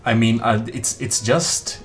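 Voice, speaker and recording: A man's voice: mid-range voice, steady tone, measured pace, soft background music. A man in casual chat, talking hesitantly with many fillers.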